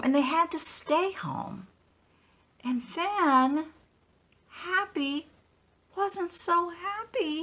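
A woman pastor telling a children's story in an animated, sing-song storytelling manner, with a gravelly edge. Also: high-pitched.

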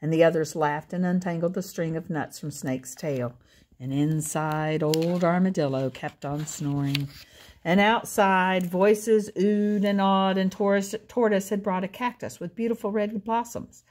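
A woman reading a picture book aloud, gentle and pointing out the pictures as she goes. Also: fairly low pitch, unhurried, slight background noise. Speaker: storyteller.

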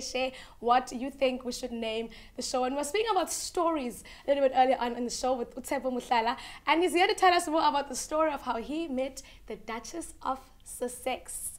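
Talk show host: woman, high voice, upbeat patter. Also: fairly bright tone.

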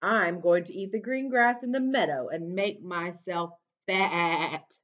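A woman voicing a big, bold male billy goat in a storybook reading, speaking a little lower and steady. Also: a little slow. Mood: defiant. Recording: dull lo-fi recording.

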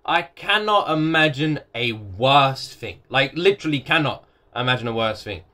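Expressive male reaction-video host. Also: medium pitch. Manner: expressive, quick swings from chatty to loud exclamations. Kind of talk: casual reaction commentary.

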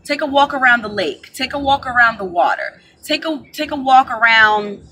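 A woman giving casual spiritual advice to her viewers, chatty and animated, calling them y'all, recorded on a camera mic. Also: a little high, moderate pace, hardly any pauses, husky, low-quality recording. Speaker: spiritual advisor.

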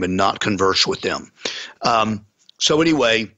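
A man's voice: fairly low pitch, moderate pace, pushed and bright, dull audio. A man, a pastor, earnestly telling a story in a conversation, with folksy sayings. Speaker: pastor and guest.

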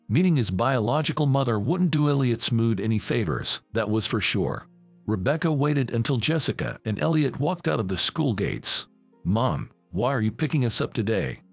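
A man narrating a scripted family story in a measured storytelling manner. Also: mid-range voice, expressive, vocal fry, slightly rough, faint music behind.

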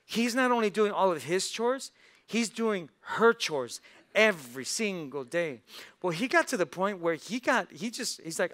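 A man's voice: high-pitched, lively intonation, normal speed, a bit bright. A male pastor giving a sermon in a church, telling a story and acting out its characters' lines. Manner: storytelling with acted-out voices.

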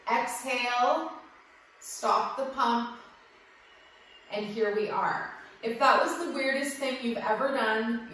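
A woman yoga teacher guiding a breathing class with gentle, affectionate cues, recorded in an echoey room from a distance. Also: a little high.

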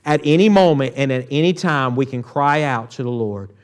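A man's voice: medium pitch, animated, moderate pace. A man preaching a sermon, reading Scripture and calling out to the congregation. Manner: preaching with call-outs to the church and Scripture readings. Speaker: pastor. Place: church sanctuary.

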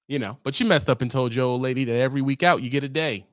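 A man's voice: medium pitch, fast, no room sound, studio quality. A man who drives trucks, ranting in a comic, profane, rambling way to his viewers. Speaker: trucker vlogger. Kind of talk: comic rant to camera.

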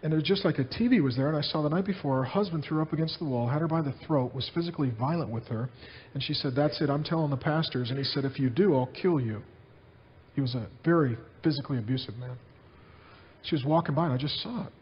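A man preaching a sermon as pastor, telling stories in an animated way and repeating his phrases. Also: a little high, fast, dull audio, slight background noise.

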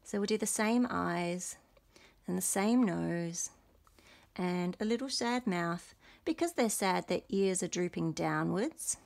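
A young adult woman illustrator, gently and encouragingly talking through a drawing lesson for teachers as she sketches. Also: fairly low pitch, slow, gravelly. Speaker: illustrator leading a workshop.

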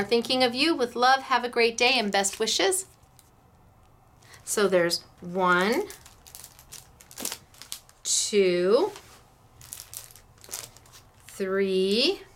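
A woman's voice: medium pitch, fairly bright tone. A middle-aged woman hosting a casual craft demo, chatty and gushing, laughing often. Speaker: craft show host.

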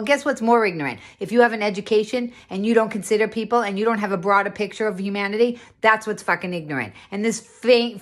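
A woman on a profane, sarcastic rant to camera, indignant and hammering her points home by repeating them. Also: mid-range voice. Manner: sarcastic, indignant, swears often; repeats phrases for emphasis.

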